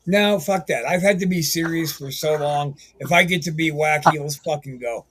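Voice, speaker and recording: A man's voice: fairly high pitch, moderate pace, a bit bright. A man hosting a podcast, chatting casually and joking around, swearing loosely. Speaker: podcast host. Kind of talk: casual chat.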